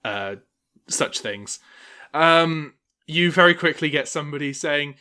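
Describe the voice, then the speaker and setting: A man narrating as game master, halting with many fillers and often laughing. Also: on the high side, expressive, pushed and bright, clean tone.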